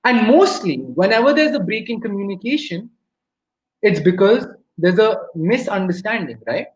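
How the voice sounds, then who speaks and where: A man with an Indian English accent giving a lively talk on communication at a webinar, acting out everyday scenes as he goes. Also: high-pitched, moderate pace. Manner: lively storyteller, acts out quotes. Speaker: webinar speaker. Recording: roomy echo.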